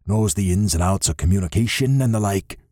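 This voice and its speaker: A man voicing a stern older Scottish clan father who speaks gruffly and bluntly, swearing as he gives orders. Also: lowish voice, brisk, dark tone, no room sound, clean studio sound, lightly acted. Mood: gruff, commanding.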